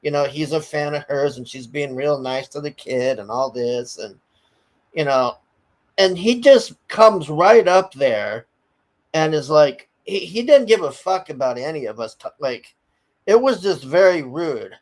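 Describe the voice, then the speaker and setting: A man's voice: on the high side, unhurried, rough recording. Heated, foul-mouthed man telling a story. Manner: heated, profane, blunt; animated storyteller, often stammers. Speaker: commentary streamer. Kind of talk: casual ranting story.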